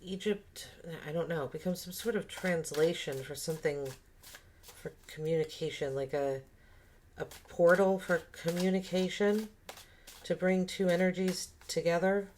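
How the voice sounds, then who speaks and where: Low-voiced woman musing through a tarot reading. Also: steady tone, a little slow, a little mellow, slight background noise. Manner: musing, thinking aloud with many fillers and restarts. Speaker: tarot reader. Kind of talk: casual spoken tarot reading.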